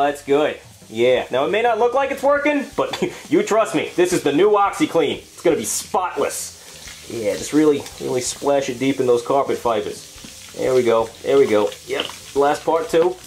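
A man's voice: on the high side, lively intonation, moderate pace, a little hiss or hum, close to an everyday voice. A man voicing a blunt, dismissive adult male cop in a puppet comedy. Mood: confident.

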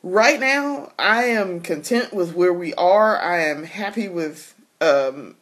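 A woman's voice: lowish voice, lively intonation, slow pace, a bit bright. A woman talking candidly in a casual personal vlog, laughing often and restarting her sentences. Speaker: vlogger.

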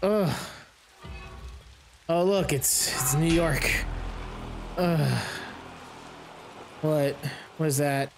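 A man giving let's play commentary, excitable, yelping and groaning, swearing, with mock-dramatic asides. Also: on the high side, extremely slow, long pauses, music in the background. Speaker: gaming YouTuber.

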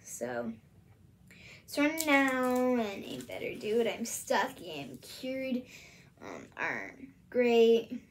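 A woman's voice: a little high, huge pitch swings, slow, slight background noise. A woman from the US Midwest, hosting a casual solo vlog and rambling hesitantly with many fillers. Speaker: channel host.

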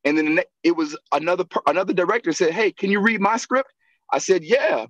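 A man, a guest actor and acting coach, telling animated stories in a casual interview, laughing and acting out the voices of people he quotes. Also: high voice, quick pace, dry recording, low-quality recording.

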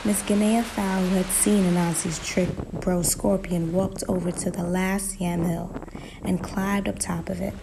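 A woman narrating a folktale in a slow, emphatic storytelling manner, in a noisy recording. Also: lowish voice, little pitch movement, creaky.

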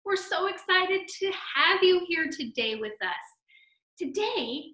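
A woman hosting a children's library storytime, talking in an animated, sing-song way with gasps of delight. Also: very high-pitched, unhurried. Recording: echoey room.

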